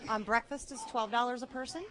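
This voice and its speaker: A woman's voice: a little high, fairly even intonation, fast talker, a bit bright, a little hiss or hum. A woman from the ranch staff answering questions on a live radio show, matter-of-fact and informative.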